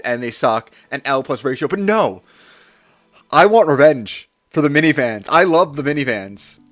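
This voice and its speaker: A man's voice: on the high side, a bit bright, no room sound. Young male streamer, playful theatrical grumbling, dry close-mic sound with faint music behind. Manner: playful mock-villain ranting, lots of restarts. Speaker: livestreamer. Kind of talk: casual live-stream rant.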